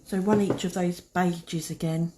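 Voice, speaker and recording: Slow-talking woman doing nail art. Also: fairly low pitch, fairly even intonation, dark tone, a little hiss or hum. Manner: chatty, talks to herself while working. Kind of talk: casual step-by-step tutorial.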